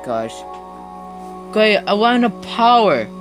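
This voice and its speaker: Young woman gamer, horror commentary, slow and jumpy, lively pitch, screams at scares. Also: faint music behind.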